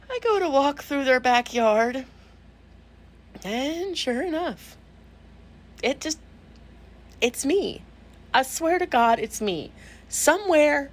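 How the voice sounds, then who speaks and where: A woman tells a comic personal story, poking fun at herself with animated, punchy timing. Her voice sits a little high for a woman.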